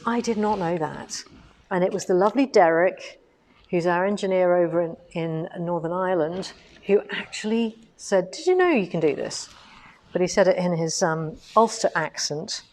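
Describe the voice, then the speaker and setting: A woman's voice: fairly low pitch, darkish tone. A woman running a live quilting demonstration from an indoor studio, explaining each step in a chatty, practical way. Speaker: quilting instructor.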